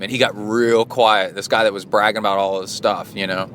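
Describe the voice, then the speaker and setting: A man's voice: fairly low pitch, steady tone, moderate pace, fairly bright tone, slight background noise. A man hosting a podcast as a coach, telling a story in a rambling, indignant way with many fillers. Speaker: podcast host and endurance coach. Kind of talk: casual storytelling monologue.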